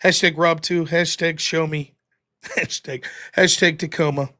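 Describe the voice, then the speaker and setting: A man's voice: on the high side, steady tone, unhurried, bright, forceful tone. An American man hosting a live stream, reading viewer donations aloud in a mock-wounded, self-deprecating way. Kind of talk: casual live-stream chat.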